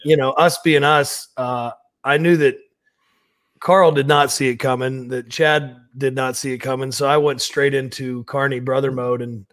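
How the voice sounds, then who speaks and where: A man's voice: mid-range voice, flat delivery, normal speed, fairly bright tone, no room sound, studio quality. A man, a pro wrestler, talking casually in an interview in a brash, laid-back way, with plenty of swearing.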